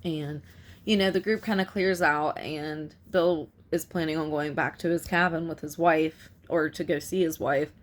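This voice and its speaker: A woman's voice: deep voice, steady tone, moderate pace. A woman casually recapping a film's plot for a review, rambling and filling her sentences with "like" and "you know". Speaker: film reviewer.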